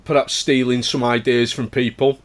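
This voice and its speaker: A man on a casual podcast, explaining things in a measured way with some restarts. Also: medium pitch, level tone.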